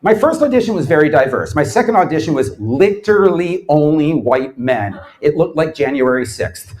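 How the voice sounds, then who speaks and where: A man's voice: fairly high pitch, moderate pace, low-quality recording. Sardonic man telling stories on stage. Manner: sardonic, animated storytelling with acted-out quotes. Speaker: lecturer, former quiz show champion. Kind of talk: comedic live lecture. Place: bar event space before a live audience.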